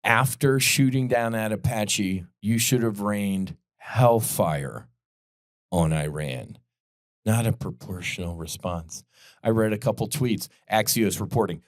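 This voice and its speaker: A man's voice: fairly low pitch, expressive, unhurried, dry recording, clean studio sound. Blunt, profane male podcast host. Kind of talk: opinionated political commentary.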